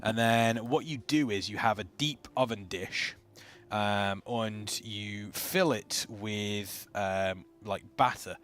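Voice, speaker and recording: A man's voice: fairly low pitch, takes it slowly, slight background noise. Chatty English man casting a raid. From England. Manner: chatty, excitable play-by-play. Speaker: esports caster. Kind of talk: live race commentary.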